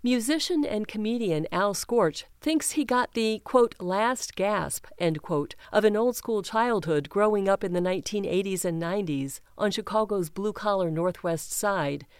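A woman reads a news feature in a measured, steady way, voicing the quotes as plainly as the rest. Her voice is smooth and clear, recorded close and dry with no room sound. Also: medium pitch, no room sound. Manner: measured, even, reads quotes without acting them. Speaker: reader of an audio-described news story. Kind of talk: scripted news narration with image description.

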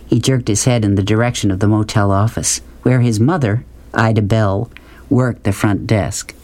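A man narrating an audiobook in a calm, even storytelling voice. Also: lowish voice, normal speed. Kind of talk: scripted narration.

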